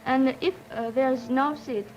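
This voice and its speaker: A teenage girl from Japan, a native Japanese speaker with a Japanese accent, talking haltingly as a student panelist and searching for words. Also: high-pitched, steady tone, a little mellow, muffled recording, a little hiss or hum. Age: teens.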